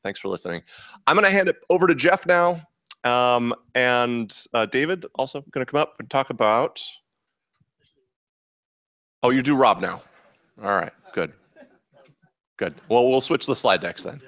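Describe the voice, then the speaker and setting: A man hosting a developer meetup, giving announcements to a live audience in a relaxed, joking way with small restarts. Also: medium pitch, moderate pace, pauses often, no echo. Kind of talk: casual presentation to a live audience. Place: meetup room.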